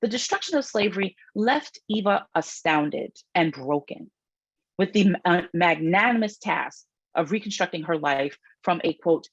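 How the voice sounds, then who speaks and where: A middle-aged woman author reads her book aloud to an audience, stopping for asides with plenty of fillers and restarts along the way. Her voice is husky and gravelly. The recording is dry and a bit dull. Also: lively intonation, moderate pace, no echo. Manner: raises her pitch when reading quoted passages, frequent fillers and restarts. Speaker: author giving a public book talk.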